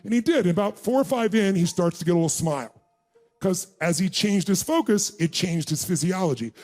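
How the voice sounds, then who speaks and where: A man's voice: high-pitched, expressive, a little fast, a little mellow, faint music behind. A middle-aged man on stage, telling a story to a live audience as a motivational speaker and quizzing the crowd. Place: large event room.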